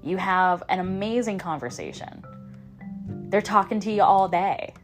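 Over background music, this podcast host speaks unhurriedly in a mid-range voice. Her casual motivational monologue has an upbeat coaching feel, and she frequently repeats herself or starts phrases over.

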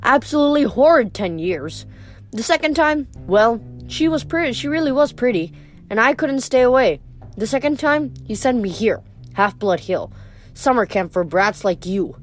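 A woman's voice: fairly high pitch, animated, moderate pace, soft background music, pitched above the performer's own voice, natural voice. A woman reading aloud, voicing a petulant male god of wine who grumbles and talks down to others. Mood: sulky. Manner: whiny, pompous, grumbling.

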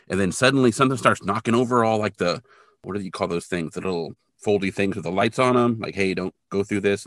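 A man co-hosting a podcast, casually retelling an episode with lively sound effects. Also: lowish voice, no echo, studio quality. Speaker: podcast co-host.

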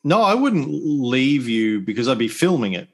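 A man co-hosting a history podcast, reading passages aloud and joking in a dry, deadpan way. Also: medium pitch, moderate pace, background noise. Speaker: podcast co-host and narrator.

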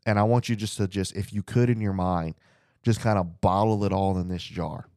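A man's voice: low-pitched, steady tone, normal speed, mellow, dry recording, studio quality. A man teaching the Bible as a preacher, earnest and repeating phrases for emphasis, speaking to listeners at home.

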